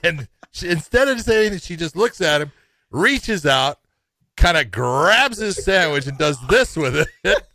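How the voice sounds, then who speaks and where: A middle-aged man co-hosting a casual fight talk show, an animated storyteller who breaks into laughs as he tells a tale. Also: on the high side, measured pace, no echo. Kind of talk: casual chat and fight analysis.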